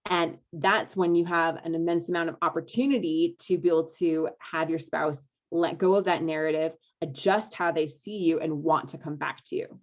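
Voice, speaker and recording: This marriage coach, hosting a live webinar, speaks in a low voice with fairly flat intonation, at a normal speed and with barely a pause. She's upbeat and coaxing with the couples, checking in with her audience often. The audio has a dull, lo-fi webinar quality.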